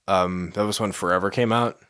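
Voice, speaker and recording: A young man co-hosting a podcast, rambling and excitable in casual chat, swearing often. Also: low voice, brisk, clear, resonant tone. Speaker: podcast co-host.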